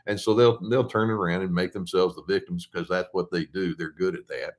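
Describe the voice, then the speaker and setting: An older man with a lowish voice talks through viewer questions as a therapist. His delivery is conversational and easygoing, full of ums, uhs and restarted phrases, and he slows right down when he reads a question aloud. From United States. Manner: conversational, with frequent fillers and restarts. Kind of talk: casual explanatory talk.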